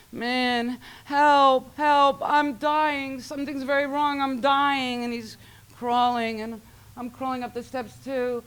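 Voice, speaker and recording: A woman's voice: medium pitch, fairly bright tone, clear, resonant tone. A woman speaking at a recovery meeting, sharing her personal story in a wry, self-mocking way and acting out what her family said.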